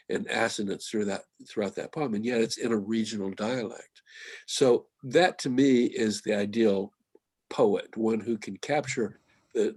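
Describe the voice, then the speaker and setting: Husky low-voiced Pittsburgh-area man. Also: darkish tone, no echo. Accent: Western Pennsylvania. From Mon Valley, Pennsylvania. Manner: thoughtful, measured, quoting lines slowly. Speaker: guest poet. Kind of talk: reflective talk on poetry.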